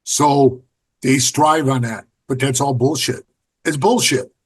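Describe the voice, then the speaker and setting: A man's voice: medium pitch, steady tone, slow pace, slightly rough. A middle-aged man, a podcast guest, telling blunt, profane stories and acting out the quotes in his anecdotes. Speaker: podcast guest, former biker club member. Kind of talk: casual storytelling interview.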